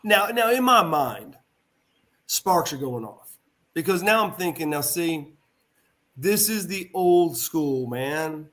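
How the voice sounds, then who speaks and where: Animated middle-aged man telling a story. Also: on the high side, slow. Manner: animated, acts out quoted voices. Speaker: former pro wrestler, guest. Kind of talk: casual anecdote storytelling. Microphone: remote video call.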